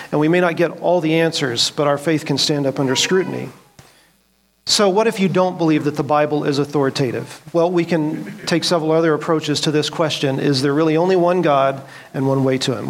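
A man teaching a church Bible class, asking the group questions and quoting scripture earnestly. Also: fairly high pitch. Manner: earnest, asks the room questions, quotes scripture.

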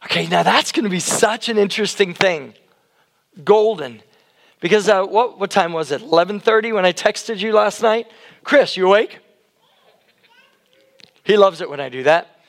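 Loud, high-voiced male pastor. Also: normal speed, creaky. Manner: loud, conversational, asks the congregation questions. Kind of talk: interactive sermon.

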